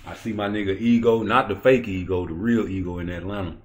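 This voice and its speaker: A man hosting a YouTube boxing talk show, ranting profanely and swinging from low muttering to loud, heated outbursts. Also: steady tone, brisk. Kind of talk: ranting commentary.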